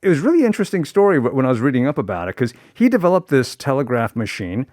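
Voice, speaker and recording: A man chatting on a radio talk show, telling a story with playful, explanatory energy. His pitch swings widely as he talks, animated and bouncy. He's close on a dry studio microphone with no room sound. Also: very fast, dry recording. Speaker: radio segment presenter.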